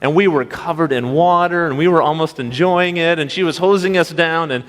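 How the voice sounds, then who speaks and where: A man's voice: a little high, fairly quick. Young man preaching a folksy story sermon. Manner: folksy, anecdotal, rhetorical questions to congregation. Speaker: pastoral intern. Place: church sanctuary. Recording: long church reverb.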